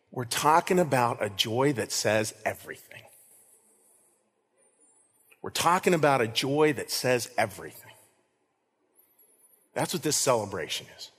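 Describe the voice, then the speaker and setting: A man's voice: fairly high pitch, slightly rough. A man preaching a sermon as pastor, earnest, repeating key lines for emphasis. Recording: reverberant hall.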